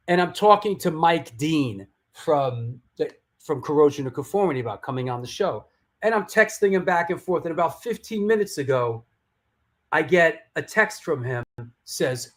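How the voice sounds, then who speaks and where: A man's voice: a little high, animated, measured pace. A man hosting a live hardcore music stream, chatting casually, rambling and swearing. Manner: rambling, swearing, restarts and storytelling asides.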